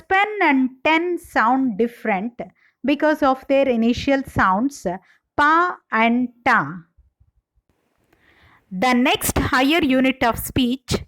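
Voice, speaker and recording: A woman, an English professor, giving a slow and careful scripted lecture. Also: high voice, poor audio. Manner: slow, careful, deliberate delivery.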